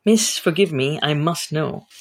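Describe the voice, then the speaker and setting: A reserved, worldly sea captain who speaks in measured, clipped phrases as a woman reads his part aloud. The voice stays low and quiet, with a husky edge. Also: lively intonation. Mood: concerned. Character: reserved male ship's captain, dry, worldly.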